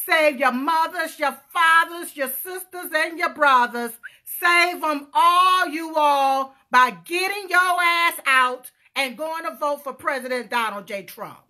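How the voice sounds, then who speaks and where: High, bright, fiery woman. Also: takes it slowly, few pauses. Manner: loud, emphatic, calls out to viewers, punctuates with "huh?". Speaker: political vlogger. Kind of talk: fiery political rant.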